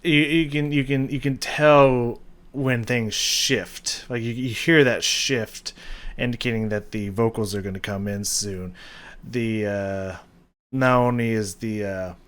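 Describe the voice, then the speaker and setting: A man's voice: on the low side, a bit bright. A man hosting a music reaction video, breaking down a song casually, with hesitant restarts and rhythms hummed aloud.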